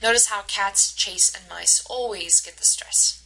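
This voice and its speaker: A woman instructor giving a recorded lecture over slides, explaining patiently and slowing down to model the stressed words. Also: mid-range voice, vocal fry, sharp tone, husky, poor audio. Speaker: university instructor.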